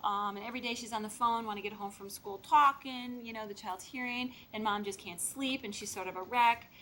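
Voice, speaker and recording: Bright, clear woman trainer, emphatic and plainspoken, lecturing with faint room noise behind her. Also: a little high, fairly quick, low-quality recording. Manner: plain, emphatic, with vivid examples. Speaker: child mental health trainer.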